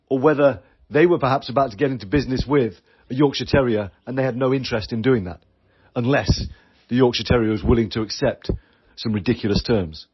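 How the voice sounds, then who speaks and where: A man's voice: mid-range voice, husky, highs cut off. A British man hosting a solo business podcast, talking earnestly and acting out quoted voices. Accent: British English. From Britain. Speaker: podcast host. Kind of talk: solo podcast coaching talk.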